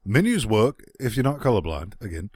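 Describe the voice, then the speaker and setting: A man's voice: on the low side, big pitch swings, brisk, darkish tone, breathy edge, no room sound, clean studio sound. A man co-hosting a game review podcast, sardonic and profane, with mock-grumpy asides. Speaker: podcast co-host reviewing games. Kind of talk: casual chat.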